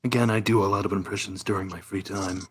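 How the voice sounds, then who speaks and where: A man's voice: deep voice, steady tone, quick pace, slight background noise, close to an everyday voice. A man voicing a brooding, stoic male cartoon hedgehog antihero who talks formally and stiffly in a fan role-play Q&A.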